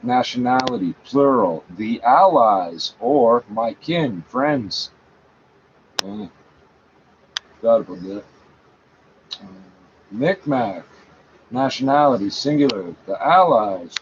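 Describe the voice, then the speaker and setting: A man's voice: medium pitch, lively intonation, slow, long pauses. A man reading a page aloud and talking back to it, scornful, correcting it and swearing often. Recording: dull lo-fi sound, faint background noise.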